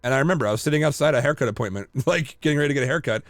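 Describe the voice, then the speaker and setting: A man co-hosting a casual podcast chat, telling lively stories full of fillers and restarts. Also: medium pitch, racing, no room sound, faint music behind. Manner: animated storyteller, many fillers and restarts. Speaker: podcast co-host.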